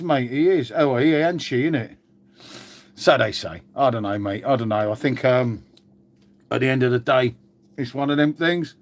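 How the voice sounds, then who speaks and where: A livestreamer with a medium-pitched, darkish voice answers chat on a live stream in a casual, rambling, laid-back way. He swears freely and calls everyone mate.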